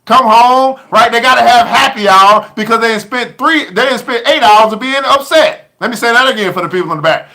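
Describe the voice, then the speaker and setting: A man with a very high speaking voice hosts a live stream book club. He preaches to his viewers in folksy slang and repeats his lines for emphasis. His tone is bright and sharp. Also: brisk, few pauses. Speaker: live stream host reading a book aloud.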